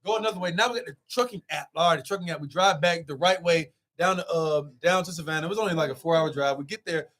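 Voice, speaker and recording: A young man telling a road story in casual, animated talk, swearing as he goes. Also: a little high. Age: young adult. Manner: animated, swearing, quick rambling with loud swings. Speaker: guest.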